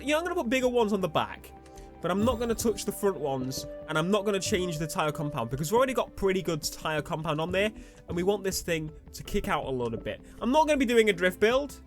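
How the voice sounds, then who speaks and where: A young man rambling through racing game commentary, excitable and swearing, shouting when things go wrong. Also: high-pitched. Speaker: gaming YouTuber. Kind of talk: gameplay commentary.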